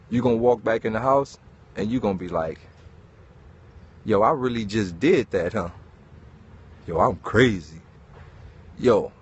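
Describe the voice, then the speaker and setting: A man giving an animated, preachy motivational talk, swearing and calling listeners dog. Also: mid-range voice, breathy edge, muffled recording. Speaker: host.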